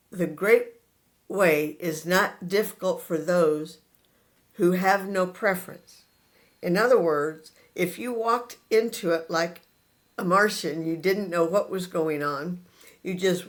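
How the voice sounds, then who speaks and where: Slow, earnest man teaching. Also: high-pitched. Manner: earnest, addresses listeners directly and repeats points; unhurried, pausing between short phrases. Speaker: spiritual teacher. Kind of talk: spiritual talk to an audience.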